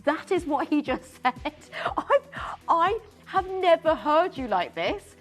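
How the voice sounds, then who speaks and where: A woman presenting live on a shopping channel, excitable and giggly, often tripping over her words. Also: high-pitched, quick pace, faint music behind. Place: TV studio.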